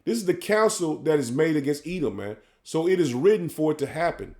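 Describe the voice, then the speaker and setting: A man preaching, tagging "man" onto his lines and reading scripture slowly and loudly. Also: on the high side, expressive, vocal fry. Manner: fervent, says "man" after nearly every line; reads verses slowly and loudly. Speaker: street preacher.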